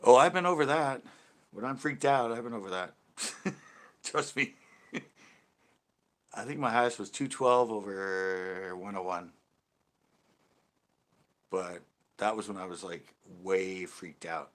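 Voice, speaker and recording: A man's voice: lowish voice, takes it slowly, long pauses, a bit bright. A man hosting a casual video chat, telling a rambling story with many restarts and self-corrections. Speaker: channel host talking to live chat. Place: home porch.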